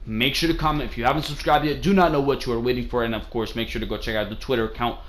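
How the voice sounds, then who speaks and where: A man's voice: medium pitch, fairly even intonation, rapid-fire. A young man hosting a solo wrestling review show, talking in a blunt, profane, ranting way. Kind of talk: casual solo review commentary.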